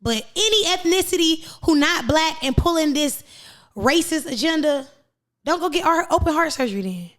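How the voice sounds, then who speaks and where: An American woman hosting a podcast, talking in an animated, emphatic, preachy casual chat. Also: high voice, moderate pace. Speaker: podcast host.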